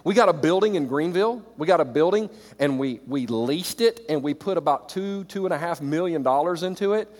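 A middle-aged man preaching to church leaders, animated, swinging between loud exclamations and quiet reflective stretches. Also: on the high side, fairly quick, few pauses. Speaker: pastor. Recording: reverberant hall.

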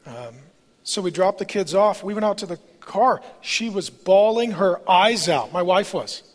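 A high, animated male voice, delivered a little slowly, belongs to a pastor in his forties. He tells candid personal stories conversationally during a sermon in a large church auditorium, where the sound carries a long hall reverb.

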